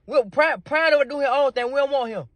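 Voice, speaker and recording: A man's voice: very high-pitched, brisk, dry recording. A man delivering a comic rant, stammering over repeated words, cursing heavily and pleading. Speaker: comedian doing a ranting phone call.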